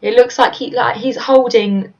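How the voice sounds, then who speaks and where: A woman's voice: a little high, fairly even intonation, normal speed, highs cut off. A woman co-hosting a podcast, casually recapping a manga chapter panel by panel and reading character lines aloud, sometimes stumbling over words. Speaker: podcast co-host.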